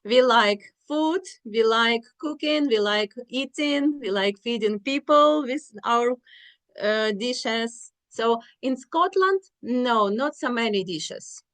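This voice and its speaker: A woman's voice: on the high side, expressive, slow, a bit bright. A woman from Ukraine with a Ukrainian accent, an English teacher chatting as an interview guest, addressing listeners as guys. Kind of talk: casual interview chat.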